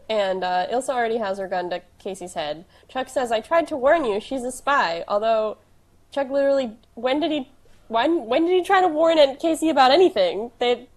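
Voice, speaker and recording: A woman with a slightly high, darkish voice co-hosts a podcast, recapping an episode in casual conversation. She teases and laughs often.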